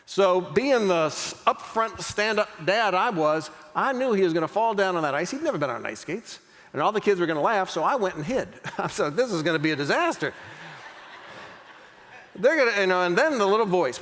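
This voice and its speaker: Middle-aged guy giving a keynote, high lively voice, acts out the quotes, lots of hall echo. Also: a little fast. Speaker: motivational speaker. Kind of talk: keynote storytelling. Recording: long hall reverb.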